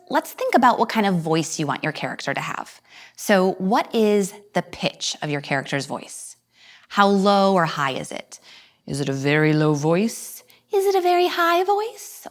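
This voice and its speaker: A woman teaching an acting lesson to viewers at home, acting out each voice as she explains it and leaping suddenly high or low.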